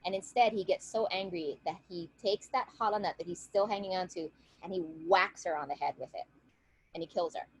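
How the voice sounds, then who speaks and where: A woman's voice: fairly low pitch, brisk, slightly rough, low-quality recording. A woman retelling a legend in a casual, conversational way, often checking in with her listeners over a video call. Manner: lively, conversational, checks in with "right?". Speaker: storyteller and guest speaker.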